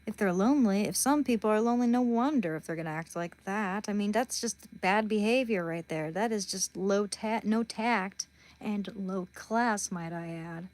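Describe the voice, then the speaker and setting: A woman's voice: mid-range voice, normal speed, a little mellow. Blunt, chatty woman streamer. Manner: blunt, chatty, talks straight to viewers. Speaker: livestream host. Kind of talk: casual livestream chat.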